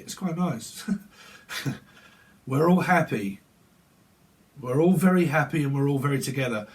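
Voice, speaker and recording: A man doing a casual psychic reading, rambling through names and laughing between thoughts. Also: medium pitch. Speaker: tarot reader.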